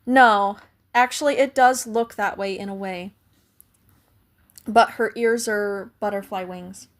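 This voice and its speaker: A woman's voice: mid-range voice, steady tone, slow. A young adult woman hosting a casual livestream, chatting and thanking viewers by name, her voice cracking now and then. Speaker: livestream host.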